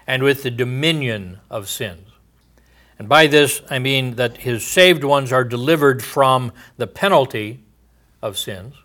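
Guy preaching a bible sermon, mid-pitched voice, lots of uh and um, restarts a lot, voice drops off at the ends. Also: a bit bright. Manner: thoughtful, halting with frequent restarts and fillers. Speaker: pastor. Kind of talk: expository sermon.

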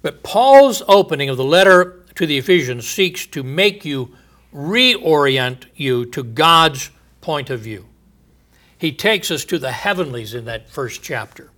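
Bright-voiced earnest preacher man. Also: medium pitch. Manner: earnest, teaching, rhetorical questions, emphatic pauses. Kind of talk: sermon.

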